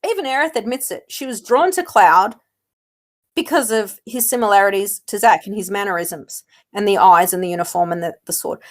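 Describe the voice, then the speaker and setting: A woman's voice: mid-range voice, brisk. A woman arguing her side in a casual fan debate, firm and emphatic.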